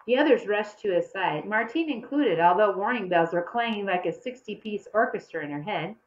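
A woman narrates a children's story with a lively, rising and falling pitch. She shifts her voice for the young characters as she reads. The recording sounds muffled and lo-fi. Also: fairly quick. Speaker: audiobook reader.

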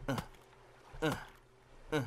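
A man's voice: slow pace, noisy background. A middle-aged man giving casual gameplay commentary, muttering to himself with lots of fillers and breaking into silly singing now and then. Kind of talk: casual let's-play commentary.

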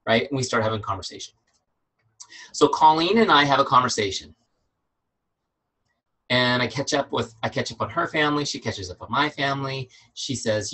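A man's voice: medium pitch, animated, brisk, long pauses, sharp tone, breathy edge, poor audio. A middle-aged man leading a business training webinar, emphatic and fired up, repeating his key points. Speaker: business coach.

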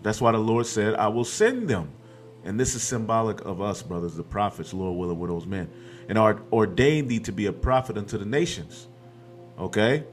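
A man's voice: on the low side, lively intonation, normal speed. A man preaching a scripture-reading sermon, quoting verses aloud and tagging his points with "man" and "okay", with a faint hint of music behind.

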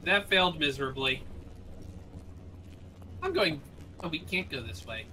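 A man chatting casually while gaming with friends, in short, quick remarks. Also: on the high side, lively intonation, pushed and bright, slight background noise, rough recording. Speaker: gamer.

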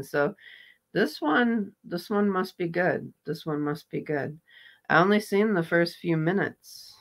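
A woman hosting a live reaction stream, greeting viewers and chatting casually about her day. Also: deep voice. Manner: warm greetings, laughs at clips, slow and chatty.

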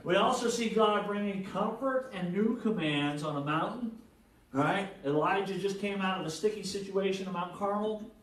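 A pastor preaching a conversational sermon, animated and joking, checking in with the congregation with frequent "right?". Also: male voice, high-pitched, normal speed. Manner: animated, jokes and acted-out quotes. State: jet lagged. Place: church hall with congregation. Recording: echoey hall, mic at a distance.

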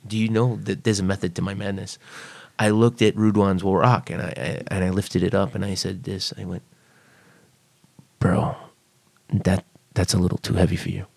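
A former US Navy serviceman appears as a podcast guest, telling blunt, profane stories and acting out the voices of the people in them. His deep, creaky, slightly mellow voice stays flat at a moderate pace, even as he hammers his points home.

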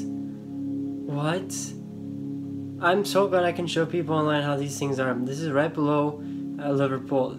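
A man's voice: fairly high pitch, rough recording. Rambling, complaining man vlogging on his phone. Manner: rambling, complaining, frequent fillers. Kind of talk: casual vlog monologue. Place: rented house and nearby streets. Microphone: phone held by the speaker.

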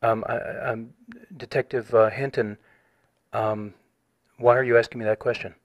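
A man's voice: mid-range voice, flat delivery. A man on a recorded phone call, formally reading out a written complaint and pressing his point. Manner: measured, formal, reads a written statement.

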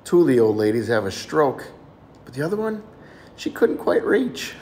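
A man casually telling a string of jokes in a relaxed storytelling way. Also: medium pitch, normal speed. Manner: relaxed storytelling, lively delivery. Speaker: joke-telling video creator.

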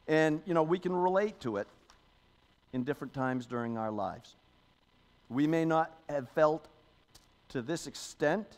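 A pastor with a mid-range, slightly mellow voice delivers a sermon in a conversational way. He keeps adding "okay?" and "you know," and reads scripture aloud with emphasis.

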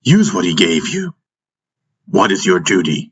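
A man's voice: deep voice, huge pitch swings, a little slow, slightly rough, heavily acted. A man voicing a steadfast older brother who admonishes firmly yet with care. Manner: firm, admonishing. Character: steadfast older brother, firm but caring.

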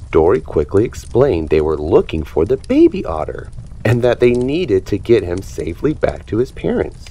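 A man reads a children's picture book aloud in a low voice. His intonation rises and falls dramatically as he tells the story. The delivery is expressive and animated for young listeners. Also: moderate pace. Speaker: storybook reader.

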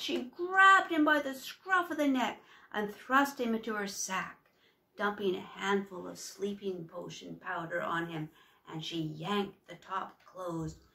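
A woman reading a children's storybook aloud in a slow, expressive way, in an echoey room heard from off-mic. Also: medium pitch, vocal fry, far from the mic. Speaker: reader to children and dogs.

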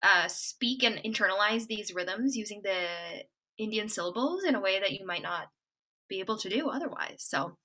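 A woman's voice: medium pitch, animated, normal speed, sharp tone, husky. A woman giving a casual music lecture over a video call, chatty and full of "like" and "um".

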